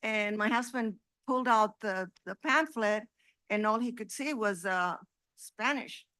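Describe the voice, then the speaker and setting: A woman's voice: mid-range voice, a little slow, pushed and bright, no echo. A woman making an indignant, rambling complaint during public comment at a city council meeting.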